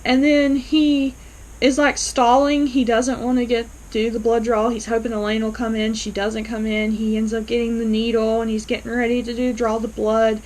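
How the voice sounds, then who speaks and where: A woman casually recapping and reacting to a TV episode, animated and quick to act out the characters' lines. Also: fairly high pitch, slight background noise, poor audio. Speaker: TV episode reviewer.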